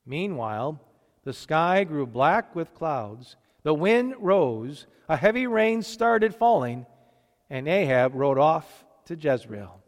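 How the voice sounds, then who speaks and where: A man with a fairly high voice reads scripture and preaches in a church at a measured, deliberate pace. His words carry a long reverb, as if spoken in a large hall. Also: big pitch swings. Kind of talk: scripture reading and sermon.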